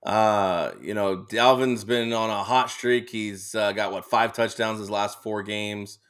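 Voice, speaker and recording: A man's voice: on the low side, steady tone, a little slow, a bit bright, clear, resonant tone. A man co-hosting a sports radio show, rambling through betting picks with lots of fillers and easy laughs. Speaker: co-host. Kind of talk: casual sports betting chat.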